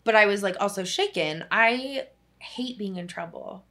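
A woman's voice: medium pitch, expressive, moderate pace, sharp tone. A young woman, a social worker, telling a long personal story in casual chat, full of "like" and the odd swear word. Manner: rambling storytelling, heavy use of "like", casual swearing.

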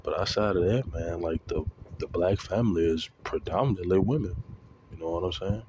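A man's voice: low voice, a little fast, muffled recording, background noise. A man telling a story in a casual, rambling monologue, with lots of swearing and fillers. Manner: rambling, profane, heavy with fillers. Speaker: vlogger.

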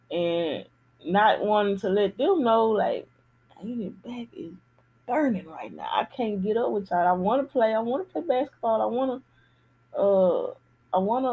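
A husky-voiced woman speaks candidly in a casual podcast monologue, repeating key phrases for emphasis. Her voice sits at a middle pitch. The audio is dull and lo-fi, like a home recording. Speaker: podcast host.

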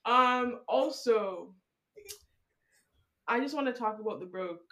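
A young woman, ranting loudly and profanely in casual chat with friends about her school days. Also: on the high side, lively intonation, slow pace. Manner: loud, profane, emphatic ranting. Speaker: podcast co-host.

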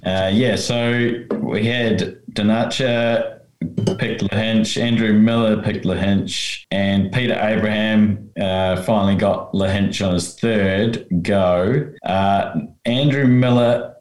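A man co-hosting a podcast in casual chat, measured and checking himself out loud. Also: on the low side, fairly even intonation, echoey room. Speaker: podcast co-host, rules expert.

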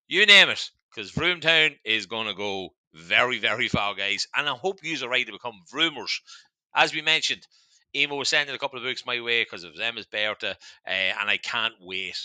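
A man's voice: medium pitch, bright, forceful tone, dry recording, rough recording. A man with an Irish accent hosting a podcast in casual chat, chatty and swearing freely while he keeps turning to his listeners. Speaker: podcast host.

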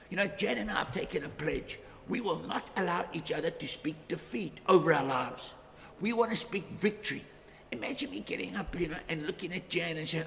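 A man's voice: a little high, lively intonation, brisk, creaky, a bit bright, slight background noise. A middle-aged man preaching a sermon as pastor, emphatic, repeating key phrases with rising force. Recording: reverberant hall, faint ambience.

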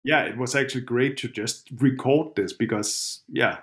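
A man's voice: medium pitch, moderate pace, a bit bright. A man co-hosting a podcast in casual chat, often restarting his words and laughing. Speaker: podcast co-host.

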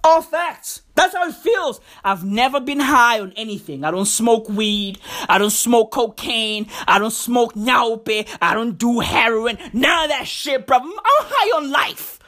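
Hyper-energetic South African woman ranting. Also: fairly high pitch, unhurried, few pauses. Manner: hyper-energetic, slangy, profane, repeats phrases. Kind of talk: comedic rant monologue.

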